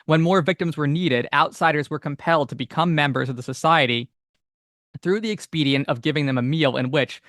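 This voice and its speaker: A man's voice: a little high, brisk, fairly bright tone, no echo, studio quality. A man co-hosting a podcast, reading old passages aloud steadily between casual, filler-heavy chat. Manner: reads old text steadily, chats with many fillers. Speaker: podcast co-host.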